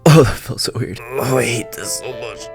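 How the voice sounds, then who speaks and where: A man hosting a reaction video in casual, jokey commentary, excitable and swinging from low mutters to squealing laughs. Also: moderate pace, over music. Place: outdoors area with wind nearby.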